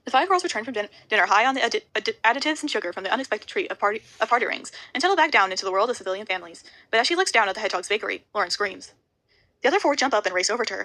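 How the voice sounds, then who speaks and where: A woman reading a novel aloud, rushing and often stumbling over words. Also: a little high, pushed and bright, rough recording. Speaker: audiobook reader.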